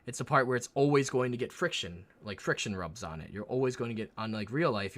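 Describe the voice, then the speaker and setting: A man streaming live and chatting casually with his viewers while he paints a miniature, swearing often and muttering quietly as he concentrates. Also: fairly low pitch. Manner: relaxed, swears often, talks to chat while working.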